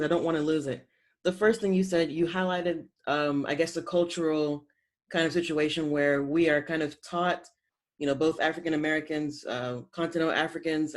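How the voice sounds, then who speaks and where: A podcast host who asks long, rambling questions and affirms the guest in a casual interview. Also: medium pitch.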